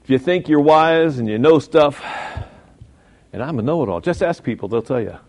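A man's voice: on the high side, lively intonation, normal speed, a little mellow. A man teaching from the Bible in a folksy, informal way, with asides and mock voices. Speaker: preacher.

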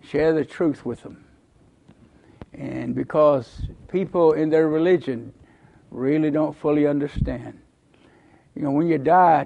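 A man's voice: medium pitch, gravelly, warm tone. A male pastor giving an earnest, folksy mission report to a church while showing slides.

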